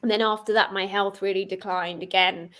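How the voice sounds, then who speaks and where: A woman's voice: medium pitch, fairly even intonation, fairly quick. Affirming woman guest on a video call. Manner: warm, affirming, with frequent murmured agreement. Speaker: guest, angel therapist. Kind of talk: casual chat.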